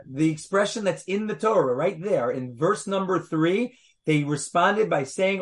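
A man teaching Torah to a small group, reading verses aloud and pressing his listeners with rhetorical questions. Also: a little high. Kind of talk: animated text study with a small group.

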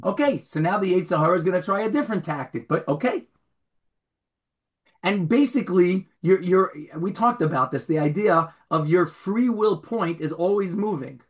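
A man teaching a Torah class as rabbi, informal and animated, acting out stories and raising his voice for the punchlines. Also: high voice, moderate pace. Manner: animated storyteller, shouts when acting out scenes.

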